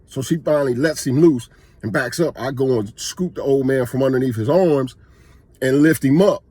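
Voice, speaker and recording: Man, husky voice, casual storytelling, emphatic, restarts, mid-pitched, dry close sound. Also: darkish tone, dry recording. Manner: conversational and emphatic, with frequent restarts. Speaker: vlogger telling a personal story.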